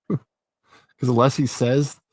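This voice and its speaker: Slow and mid-range, the male host's voice comes through with no echo. He recounts scenes in a casual chat with lively storytelling, lots of swearing, and regular laughter.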